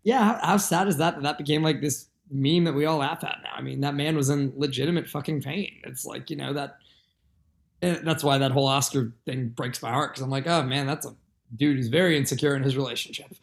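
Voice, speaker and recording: A man's voice: mid-range voice, steady tone, brisk, vocal fry. A man, a musician guest on a podcast, speaking openly and reflectively in a casual way, full of fillers. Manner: open, reflective, many filler likes. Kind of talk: candid conversational podcast talk.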